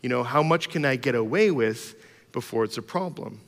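A man's voice: medium pitch, expressive, normal speed. Man preaching a chatty, humorous sermon. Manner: humorous, informal storytelling with many fillers. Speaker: pastor. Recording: long reverb of a large hall.

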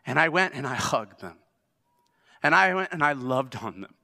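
Pastor preaching in a booming hall. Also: male voice, big pitch swings, normal speed, vocal fry. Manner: swings from loud exhortation to hushed storytelling. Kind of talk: sermon. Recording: long reverb of a large hall.

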